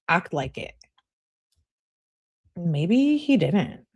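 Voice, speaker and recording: A woman's voice: on the low side, big pitch swings, takes it slowly, warm tone, husky. A woman commentating on a true crime case, reading out text messages and reacting bluntly with sarcasm and swearing.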